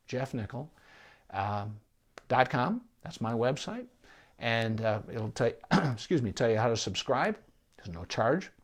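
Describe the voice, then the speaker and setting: A man who is a veterinarian answers viewer questions on a live stream, explaining things calmly and patiently. His voice sits at an ordinary middle pitch. He takes his time, pausing and restarting as he talks it through. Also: creaky. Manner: calm, measured explanations with pauses and restarts. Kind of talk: live-streamed Q&A advice talk.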